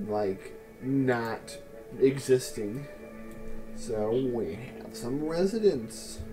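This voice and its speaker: A man casually commenting on his city-building game in a wry, sarcastic, musing way. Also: medium pitch. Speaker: let's play host.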